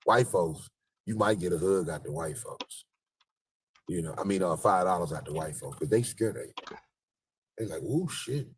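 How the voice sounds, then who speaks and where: A man's voice: low-pitched, moderate pace, long pauses, slight background noise. A man hosting a live stream from outdoors, joking crudely and rambling in casual street commentary. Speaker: livestream host. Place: outdoors outside a store.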